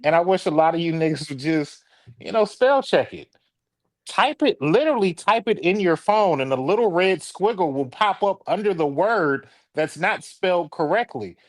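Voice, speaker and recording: Detroit man, podcast co-host, animated storyteller, fairly high voice, dry close mic. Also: moderate pace, no echo. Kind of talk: casual chat.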